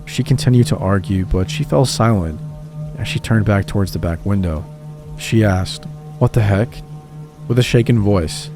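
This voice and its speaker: A man narrating true scary stories in a calm, scripted storytelling read. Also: on the low side, normal speed. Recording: voice-over with music behind.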